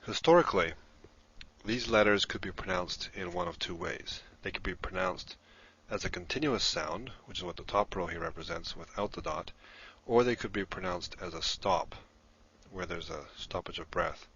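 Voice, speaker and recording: A man's voice: low-pitched, sing-song, moderate pace, creaky, fairly bright tone, husky, muffled recording. A man giving a recorded lesson, explaining patiently step by step while he writes things down. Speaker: instructor in a played lesson video.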